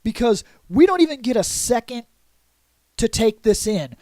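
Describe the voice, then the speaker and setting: A man vlogging a casual comic book review in an excitable way, adding sound effects and acting out lines. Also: very high voice, moderate pace, no echo. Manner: excitable, adds sound effects and acts out quotes.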